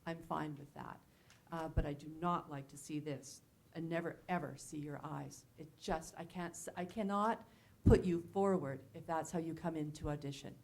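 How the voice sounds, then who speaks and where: Firm low-voiced woman casting director. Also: steady tone, gravelly, darkish tone. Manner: firm, measured advice. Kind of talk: panel talk to actors.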